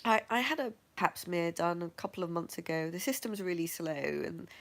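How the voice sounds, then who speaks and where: A middle-aged woman with a fairly low voice tells her own story in a frank, matter-of-fact way. She keeps laughing at herself as she goes. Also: lively intonation, moderate pace, a bit bright. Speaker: vlogger sharing her health journey. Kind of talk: candid personal storytelling.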